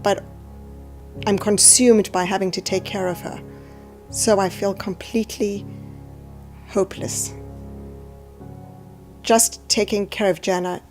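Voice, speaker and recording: A woman reading a reflective personal voice-over about being a mother, in a quiet, subdued and introspective way. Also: mid-range voice. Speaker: mother narrating a documentary.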